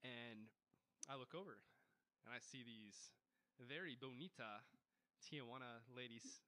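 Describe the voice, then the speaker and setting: A man telling a rambling story as a podcast guest, animated and laughing, tossing in Spanish words. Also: medium pitch, a little slow. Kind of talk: casual storytelling chat.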